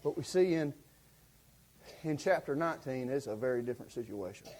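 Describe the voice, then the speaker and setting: A man delivers a sermon in a folksy, excitable storytelling style, full of fillers, acting out what the people in his story say. His voice sits in the middle range and moves fairly quickly, with a faint hiss or hum in the background.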